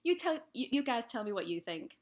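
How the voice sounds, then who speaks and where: A woman's voice: a little high, sing-song, a little fast. Chatty English woman hosting a live Q&A. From England. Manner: chatty, reads out viewer comments and answers them. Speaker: pet channel host. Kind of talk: live-stream viewer Q&A. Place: home, lit by daylight.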